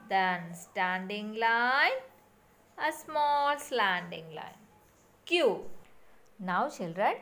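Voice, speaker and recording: A woman's voice: on the high side, fairly bright tone. A woman teacher giving a recorded lesson for young children and repeating sounds and steps in a sing-song way.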